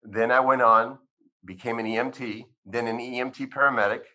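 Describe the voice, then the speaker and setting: A brisk, mid-range male voice belongs to a physician in his fifties, a guest in an interview recounting his life story. He's an animated storyteller who acts out the conversations he remembers. The recording has a dull, lo-fi quality.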